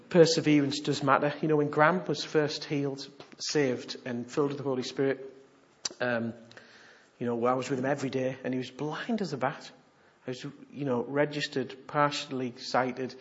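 A man preaching a sermon, animated and humorous, moving from hushed asides to loud exhortation. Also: mid-range voice, normal speed, muffled recording.

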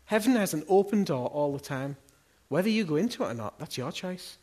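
A man's voice: fairly high pitch, lively intonation, brisk, dark tone. A middle-aged man preaching a sermon in a church, talking earnestly and conversationally and asking his listeners question after question. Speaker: pastor.

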